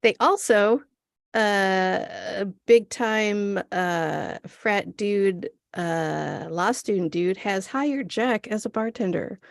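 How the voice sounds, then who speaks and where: Wry woman co-host, slow-spoken. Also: medium pitch, creaky, no echo. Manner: wry, quick deadpan quips, laughing. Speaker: podcast co-host. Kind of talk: casual recap chat.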